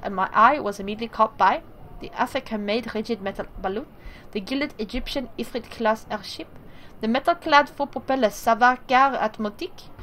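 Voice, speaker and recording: A woman's voice: on the high side, fairly bright tone, a little hiss or hum, rough recording. A woman reading a text game aloud with casual, self-deprecating asides.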